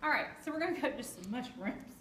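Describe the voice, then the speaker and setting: A woman's voice: fairly high pitch, animated, quick pace, a bit bright. Chatty woman demoing kitchen tools. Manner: chatty, jokey, quizzes the audience. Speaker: kitchen product demonstrator. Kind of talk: live cooking demonstration to an audience. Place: room with a live audience. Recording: echoey room with background noise.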